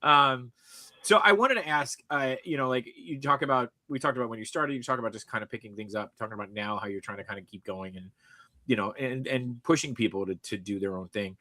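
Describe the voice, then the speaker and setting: A man's voice: medium pitch, brisk, pushed and bright, no echo. A man hosting a casual show, upbeat and jokey, reading viewer comments aloud. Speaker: podcast host. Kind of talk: casual chat.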